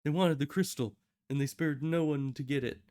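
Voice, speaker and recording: A man's voice: on the high side, moderate pace, darkish tone, close to an everyday voice. A man reading as a mopey grieving prince. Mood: sullen. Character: grieving young male prince, mopey bard. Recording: guitar music behind.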